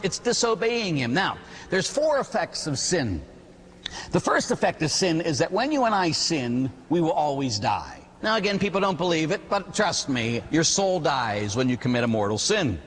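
A male priest preaching with a lively, swooping delivery and a husky edge. His voice sits a bit high for a man and trails off in a long, echoing reverb. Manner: animated, storytelling preacher with rhetorical questions. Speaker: Catholic priest. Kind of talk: sermon.

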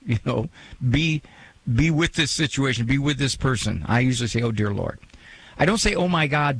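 A man hosting a call-in radio advice show, talking to a caller in a gentle, pastoral way with many restarts. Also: mid-range voice, husky, poor audio.

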